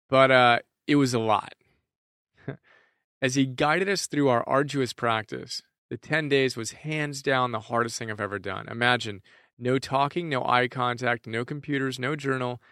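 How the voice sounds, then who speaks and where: A man's voice: medium pitch, sharp tone, smooth, no echo. Earnest man narrating a lesson, dry. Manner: earnest, reflective, asks listeners questions. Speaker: teacher presenting book ideas.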